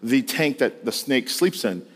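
A man playing a calm male veterinarian who asks questions slowly and hesitantly. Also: medium pitch, big-room sound, voice pushed down. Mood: patient, probing. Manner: slow, halting, hesitant with ums.

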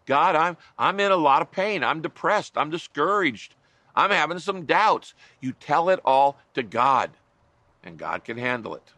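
A man's voice: on the high side, pushed and bright, no room sound. A middle-aged man preaching a sermon as a pastor, earnest and conversational, with wry asides to his listeners.

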